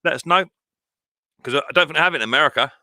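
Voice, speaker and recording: A middle-aged man hosts a live stream from home, greeting viewers and chatting away cheerfully. He talks fast in a bright, forceful voice. The sound is dry and close, with no room echo. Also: a little high. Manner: chatty, cheerful, reads viewer comments aloud. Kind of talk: casual live stream chat.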